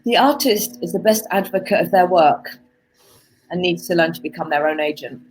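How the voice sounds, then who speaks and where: A woman guest on a casual video-call interview, an author and artist coach who talks thoughtfully and pauses to find her words. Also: on the low side, rough recording. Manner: thoughtful, searches for words, restarts.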